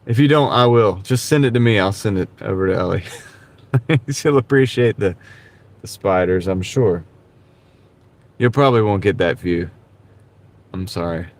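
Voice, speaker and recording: A man with a slightly low voice talks casually to his live-stream viewers from the driver's seat. He rambles in a laid-back way and drops "dude" here and there. He is recorded on a small clip-on mic. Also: moderate pace, long pauses. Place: in a car while gig driving. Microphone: wireless clip-on mic.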